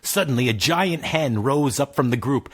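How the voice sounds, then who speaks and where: Lively man narrating a comic fantasy tale. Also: medium pitch, normal speed, slightly rough. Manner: lively, amused storytelling. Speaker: guest storyteller. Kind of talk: comedic fantasy story narration.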